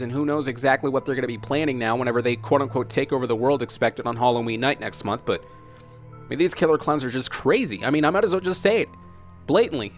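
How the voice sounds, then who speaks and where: A man hosting a dramatic commentary vlog, talking emphatically, repeating himself and asking rhetorical questions. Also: medium pitch. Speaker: host.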